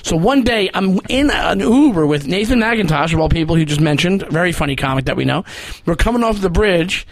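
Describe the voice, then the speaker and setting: A man, co-hosting a podcast and telling animated stories with acted-out quotes. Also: high-pitched, fairly quick, gravelly, dry recording. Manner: animated storyteller, acts out quotes. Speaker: podcast co-host. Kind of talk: casual chat.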